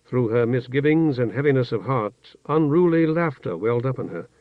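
A man narrating a fantasy novel in a measured, even storytelling manner. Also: medium pitch, no echo. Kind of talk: audiobook narration. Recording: dull, dry studio recording.

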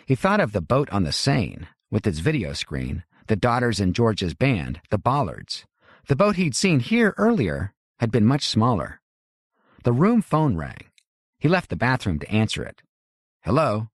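A man reading a novel aloud as audiobook narrator, in a measured, wry storytelling manner. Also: on the low side, huge pitch swings, slightly rough, no echo. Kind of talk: scripted narration. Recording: dry close studio.

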